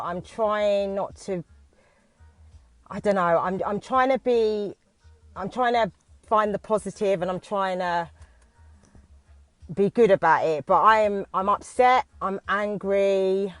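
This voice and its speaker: A woman's voice: mid-range voice, no echo. Nervous British woman in a car. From United Kingdom. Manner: nervous, halting, many restarts. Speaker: dance teacher. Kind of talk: Facebook live video from a parked car. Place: inside a parked car.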